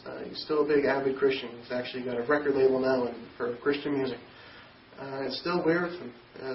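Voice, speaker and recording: A young man from Newfoundland, Canada, telling a personal story in a halting way, often repeating and restarting words. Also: fairly high pitch. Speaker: interviewee telling his conversion story. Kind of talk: personal testimony. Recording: distant echoey dull recording, faint noise.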